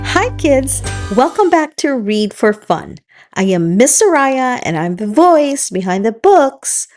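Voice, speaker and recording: A woman hosting a children's read-aloud, telling the story in a slow, encouraging teacher's manner. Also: high voice, big pitch swings, a little mellow, faint music behind. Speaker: children's book reader and host.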